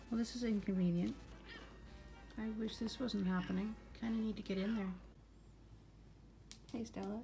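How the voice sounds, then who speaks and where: A woman's voice: mid-range voice, fairly even intonation, moderate pace, vocal fry, long pauses, dark tone, faint music behind. Self-mocking woman hosting a home cooking vlog. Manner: self-mocking, chatty, laughs often. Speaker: cooking show host. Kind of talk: casual cooking vlog bloopers. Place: home kitchen with a cat.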